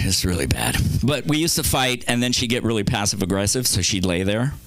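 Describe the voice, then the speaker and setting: Lively rambling stand-up man. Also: fairly low pitch, a little fast, dry recording. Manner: rambling, crude, act-outs with big voices. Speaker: stand-up comedian. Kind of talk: open mic stand-up.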